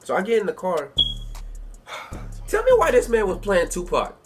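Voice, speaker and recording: A man's voice: sits high, huge pitch swings, normal speed, soft background music. A young man telling a story from his life in a casual, rambling way at home, full of slang and filler phrases. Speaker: youtuber. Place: bedroom at home.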